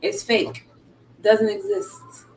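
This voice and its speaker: A woman's voice: medium pitch, little pitch movement, extremely slow, gravelly, darkish tone, far from the mic, a little hiss or hum, poor audio. Slangy woman reading tarot on a stream. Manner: loose, slangy, laughing asides. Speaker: tarot reader.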